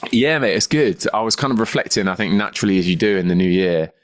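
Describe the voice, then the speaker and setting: A man's voice: lowish voice, lively intonation, fast talker. A man chatting casually as a podcast guest over a video call, calling everyone "mate". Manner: matey, peppers speech with "mate".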